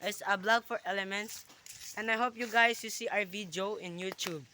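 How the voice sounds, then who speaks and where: A young man in his teens with a Filipino accent, a Tagalog speaker vlogging outdoors in a park on a phone for a school project, halting and apologetic as he searches for English words and slips into Tagalog. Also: high-pitched, fairly even intonation, sharp tone, slight background noise. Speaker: student vlogger. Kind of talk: casual walking vlog, mixing English and Tagalog. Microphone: phone held while walking.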